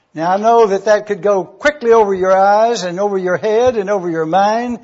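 Man, pastor, high voice, unhurried Bible teaching, muffled lo-fi recording. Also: a little mellow. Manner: slow and deliberate, repeating key words. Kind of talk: sermon-style Bible exposition. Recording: dull lo-fi recording.

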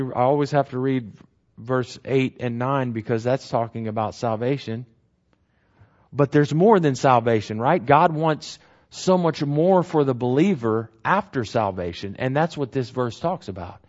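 A man's voice: medium pitch, moderate pace, a little mellow. A man teaching the Bible verse by verse in a conversational way. He repeats key phrases and keeps asking "right?". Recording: dull lo-fi recording.

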